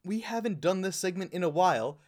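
Casting: male podcast co-host, slightly high voice, joking and teasing. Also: expressive, noisy background. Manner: teasing, quick to laugh. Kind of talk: casual podcast chat.

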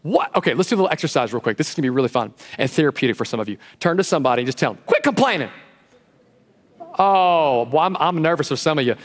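Pastor, male, high voice, animated sermon delivery, long church reverb. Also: racing, few pauses. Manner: lively and animated, acting out quotes. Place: church sanctuary.

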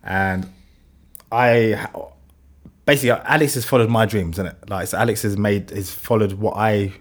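A man's voice: lowish voice, normal speed. A man as an interview guest, telling his story in a rambling, casual way, full of "like" and swearing. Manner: rambling, heavy use of "like", swears. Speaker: interview guest, business founder.

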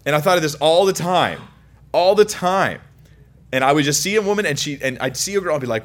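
Young man, casual Bible teacher, chatty, anecdotal, mid-pitched voice. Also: quick pace, a bit bright. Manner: chatty, anecdotal, self-interrupting. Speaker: preacher.

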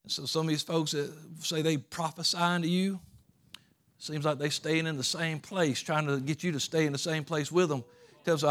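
A man preaches a sermon in a fairly high voice. He climbs to loud, emphatic peaks, then drops to murmured asides, repeating words as he drives his points home. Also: fairly even intonation, normal speed. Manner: swings from shouting peaks to low asides, with repetitions.

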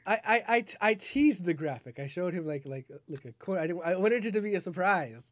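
A man's voice: sits high, animated, fairly quick, dry recording. A man co-hosting a wrestling podcast in casual chat, stammering and laughing often. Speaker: podcast co-host.

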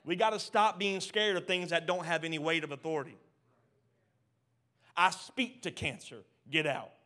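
A man with a high-set voice preaches with fervor, swinging between loud, emphatic bursts and quiet, low asides. He often stumbles and repeats words as he pushes his point. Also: moderate pace. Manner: passionate, builds to loud emphatic peaks then drops low and soft. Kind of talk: sermon.

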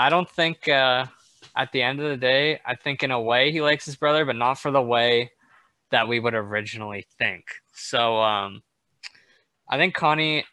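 Young guy explaining a movie, crisp bright tone, dry close mic. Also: medium pitch, dry recording. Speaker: film discussion co-host. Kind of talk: casual chat.

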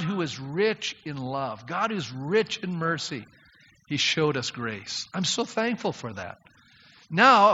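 Male pastor, sermon delivery, bright forceful tone, chatty with the congregation, then emphatic; reverberant sanctuary. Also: on the high side. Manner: emphatic, rising to loud appeals; conversational, addresses congregation directly. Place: church sanctuary. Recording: long hall reverb, dull lo-fi sound.

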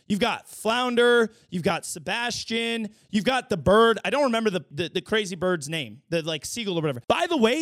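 A man giving a casual vlog movie review, slangy and animated, at times bursting into shouts. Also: high voice, no room sound, studio quality.

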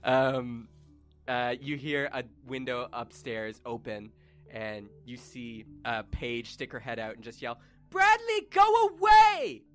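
A man's voice: medium pitch, level tone, a little slow, fairly bright tone, soft background music. A man narrating as game master of a tabletop game, chatty and full of fillers.

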